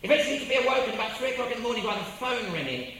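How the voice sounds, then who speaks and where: A man's voice: very high voice, rapid-fire. A man with an English accent telling a rambling anecdote, acting out voices and repeating himself as he goes. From England. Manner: rambling, animated, with self-repeats and impressions. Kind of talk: anecdotal storytelling. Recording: very echoey room, distant mic, ambient noise.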